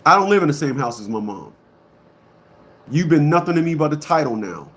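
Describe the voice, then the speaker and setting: Speaking to a live audience, a male online commentator delivers an emphatic, blunt monologue full of repetition. He's very animated and fairly quick, jumping between shouting and mumbling under his breath.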